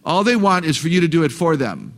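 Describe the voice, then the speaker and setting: A man's voice: fairly high pitch, big pitch swings, brisk, a bit bright. A man giving a live talk to parents, joking and asking the audience questions. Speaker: parenting seminar speaker.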